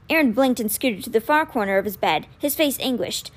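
A woman reads a children's novel aloud, recapping and then narrating chapter by chapter. Her voice is fairly high and very lively in pitch, with an expressive storyteller's delivery. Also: brisk, hardly any pauses. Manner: expressive, animated.

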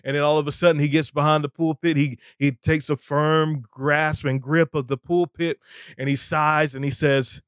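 A man's voice: fairly high pitch, expressive, fairly quick, a bit bright, dry recording, clean studio sound. A man preaching in a podcast chat, emphatic and repeating phrases for effect. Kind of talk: animated sermon-style talk.

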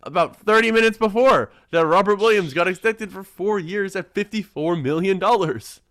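A young man hosting a casual sports podcast, excitable and quick to laugh, often restarting his sentences. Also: high-pitched, dry recording, studio quality. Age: young adult. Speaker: podcast host.

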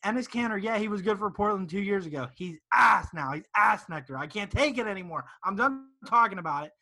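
A man's voice: high voice, expressive, fairly quick, sharp tone. A man co-hosting a casual sports podcast, ranting emphatically. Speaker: podcast co-host.

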